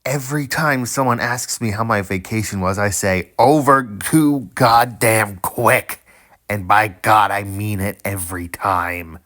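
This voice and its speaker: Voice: deep voice, moderate pace, hardly any pauses, sharp tone. A video creator casually reading social media posts aloud with amused, wry asides.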